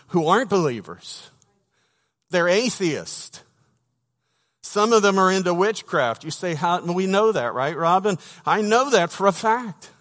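Folksy preacher in a reverberant church. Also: male voice, high-pitched, a bit bright. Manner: folksy storytelling with humor, asides to the congregation. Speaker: pastor. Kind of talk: sermon. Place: church sanctuary. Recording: long reverb of a church hall.

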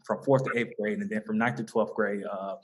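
A man's voice: fairly low pitch, little pitch movement, fairly quick. A young man from the American South with a Southern accent, speaking earnestly in a casual interview as a mentoring organization founder, with many fillers and restarts. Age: young adult.

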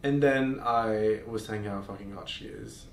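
Gravelly and on the low side, this male host's voice moves at a moderate pace. He tells explicit stories in loose conversation, frank and heavy with fillers and restarts, in a roomy, far-miked recording carrying faint noise.

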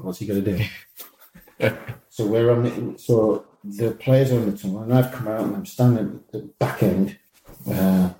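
A man, a former football manager, telling lively anecdotes in an interview and acting out the lines of people in his stories. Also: on the low side. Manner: animated storyteller, acts out quoted dialogue, laughs often. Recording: roomy echo.

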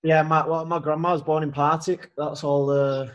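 A man with a broad Yorkshire accent chats loosely on a podcast, laughing easily and calling people "mate". His voice sits a touch higher than most men's. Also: flat delivery, moderate pace. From England (Leeds). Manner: laughing, matey, peppers talk with "mate". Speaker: footballer guest on a podcast. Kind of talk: casual chat.

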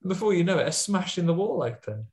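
Gravelly man recapping a film. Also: high voice, big pitch swings, quick pace, a little mellow. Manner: rambling, chatty retelling of a film plot. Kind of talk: casual chat.

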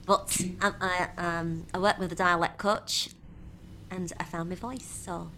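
A woman impressionist with a husky voice, chatting animatedly as an interview guest and laughing often. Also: lowish voice, fairly even intonation, unhurried, pushed and bright, slight background noise. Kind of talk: casual interview chat.

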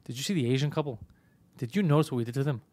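A man's voice: medium pitch, racing, darkish tone. A man hosting a comedy podcast in casual banter, swearing constantly and ranting with rising heat.

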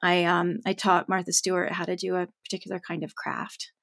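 A woman's voice: on the low side, monotone, a little fast, creaky, a bit bright, no echo, studio quality. A middle-aged woman, a parenting coach, telling stories in a casual interview with lots of filler words. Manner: chatty storyteller, heavy use of filler words. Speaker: parent coach, podcast guest.

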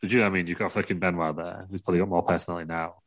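A man's voice: sits low, very fast. A man co-hosting a casual wrestling podcast chat, blunt and swearing freely. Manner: blunt, swears, animated opinions. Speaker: podcast co-host.

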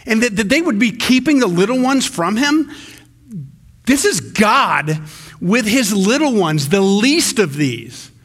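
High-pitched and husky, this male pastor delivers his sermon unhurriedly yet with animation, keeping it conversational. He frequently breaks off and starts sentences over.

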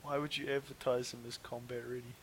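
A man with a bright, sharp voice co-hosts a podcast and keeps things wry and sarcastic. A faint hiss runs under the recording. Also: medium pitch, level tone, fast, rough recording. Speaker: podcast co-host. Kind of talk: casual chat.

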